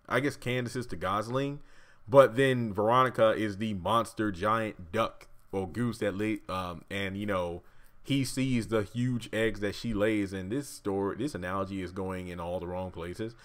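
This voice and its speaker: A man giving a casual fan-theory commentary on a TV drama, rambling and correcting himself, with wry asides. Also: fairly low pitch. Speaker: YouTube TV commentator.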